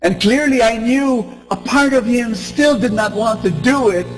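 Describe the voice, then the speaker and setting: A man giving an animated inspirational talk to a live audience, prompting the crowd to respond. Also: very high voice, a little slow, soft background music, low-quality recording. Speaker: preacher.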